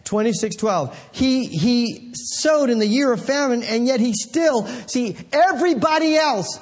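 A man preaching a sermon in an animated, conversational way, calling out to the congregation. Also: extremely high pitch, a little slow, hardly any pauses, slightly rough.

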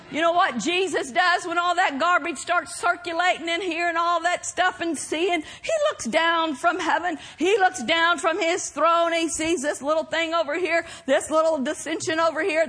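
A woman preaching a sermon, animated, breaking into mocking laughter and shouts. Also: very high voice.

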